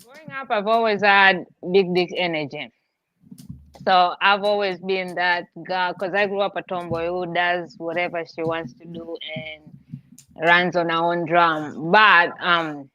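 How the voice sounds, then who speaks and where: A woman's voice: on the low side, steady tone, a little slow, pushed and bright, muffled recording. A woman with a mixed accent talks bluntly on a podcast panel and swears freely. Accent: mixed international accent. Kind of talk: casual panel chat.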